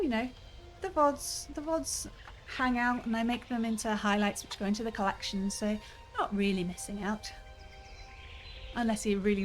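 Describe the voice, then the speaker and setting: Woman streamer, chatty and musing, mid-pitched, over game music. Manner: chatty, musing aloud, frequent laughs. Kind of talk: casual gameplay commentary. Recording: game music playing behind.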